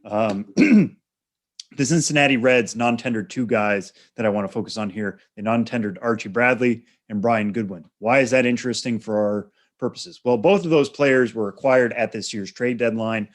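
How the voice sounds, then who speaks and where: A man co-hosting a podcast, explaining in a measured way with lots of fillers, on a studio microphone. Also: mid-range voice. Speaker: podcast co-host. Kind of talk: casual podcast chat.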